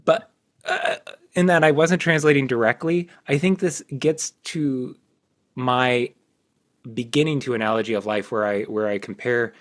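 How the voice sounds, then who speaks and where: A man hosting a casual podcast, reading his own poems aloud in a halting way, self-deprecating and quick to laugh. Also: medium pitch, fairly even intonation. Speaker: podcast host.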